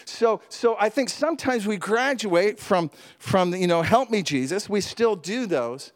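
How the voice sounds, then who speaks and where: A man preaching a sermon as a pastor, telling stories in an animated way, with asides and laughter. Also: high-pitched, measured pace.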